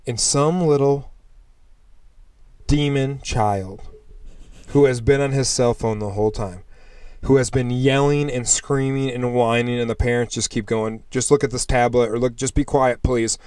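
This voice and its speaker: A man in a casual podcast chat, telling animated stories full of swearing and quick voices for other people. His voice sits mid-range and swings up and down, and the recording is dry and close. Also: medium pitch, clean tone, dry recording. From United States. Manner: animated storyteller, swears freely, acts out customers. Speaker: podcast co-host.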